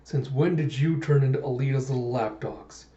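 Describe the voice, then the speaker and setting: Man playing a brooding vengeful cyborg, dark tone, echoey room. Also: mid-range voice, steady tone, normal speed, muffled recording, close to an everyday voice.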